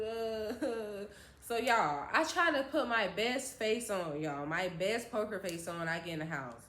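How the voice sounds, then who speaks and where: A woman's voice: medium pitch, unhurried. A young woman vlogger telling a personal story casually, acting out the voices of the people in it. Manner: animated, acts out other people's voices. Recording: roomy echo.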